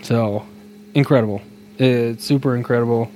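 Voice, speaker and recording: A man's voice: medium pitch, fairly even intonation, normal speed, mellow, a little hiss or hum. Man, podcast co-host, casual chat, upbeat, laughs a lot, mid-range voice. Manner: chatty and upbeat, laughs often, many fillers.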